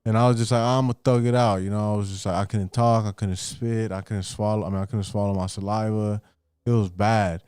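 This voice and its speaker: A man's voice: fairly low pitch, level tone, brisk, darkish tone, clear, resonant tone, no room sound, clean studio sound. A man casually telling a personal story on a podcast, loose and profane, acting out what his relatives said.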